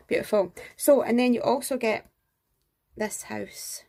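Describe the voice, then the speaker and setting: A woman's voice: a little high, measured pace, gravelly, dark tone. A woman in a casual show-and-tell craft review, gushing and enthusiastic, full of exclamations. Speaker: craft vlogger.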